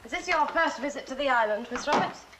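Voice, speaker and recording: An actress playing a polite, hospitable innkeeper's wife in a period film. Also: female voice, high voice, lively intonation, fast talker, background noise.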